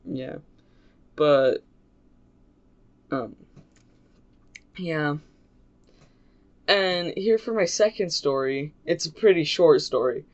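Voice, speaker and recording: A man rambles through a casual storytime vlog, stopping and restarting with plenty of fillers. He speaks slowly, and the recording sounds dull and lo-fi. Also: on the high side, animated. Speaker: YouTuber.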